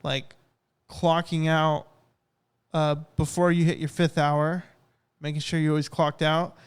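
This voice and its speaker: A young man co-hosting a podcast, telling rambling, animated stories in casual chat. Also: fairly high pitch, a little slow, clean tone. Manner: rambling, animated storytelling with acted-out quotes. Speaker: podcast co-host.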